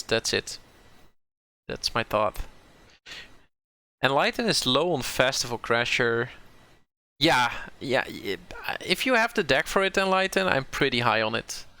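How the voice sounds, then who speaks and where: Creaky, bright-voiced Dutch man. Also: medium pitch. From southern Netherlands. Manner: musing, self-correcting, repeats words. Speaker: game streamer. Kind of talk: thinking aloud while playing a card game.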